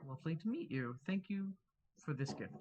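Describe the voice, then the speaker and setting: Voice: medium pitch, very animated, fairly quick, dark tone, a little hiss or hum, natural voice. A player hamming up a melodramatic adventurer. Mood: grateful. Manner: overacted, melodramatic. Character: theatrical, dramatic male adventurer. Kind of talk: tabletop game role-play.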